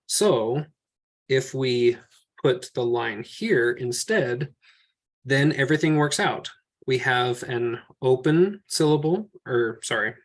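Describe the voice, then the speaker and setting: A man teaching a group language lesson, explaining patiently step by step and correcting himself as he goes. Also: mid-range voice. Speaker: Hebrew teacher.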